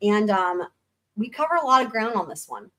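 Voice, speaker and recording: A woman's voice: medium pitch, very animated, moderate pace, sharp tone. A woman in her thirties hosting a live stream, reading a book aloud with chatty, sarcastic asides. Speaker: livestream host and reader.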